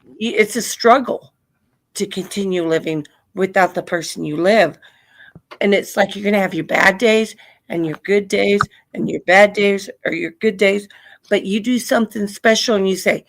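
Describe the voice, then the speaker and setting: A woman with a mid-range voice and some vocal fry hosts a live stream at a moderate pace, tenderly consoling a grieving caller. Earnest throughout, she calls her honey and sweetheart, and widowhood and grief run through the exchange.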